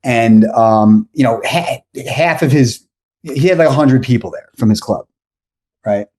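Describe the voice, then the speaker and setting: A man's voice: medium pitch, a little slow. A man in his forties, a podcast guest, telling a long rambling story and often correcting himself. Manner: rambling, self-correcting, animated anecdotes. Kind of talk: casual storytelling.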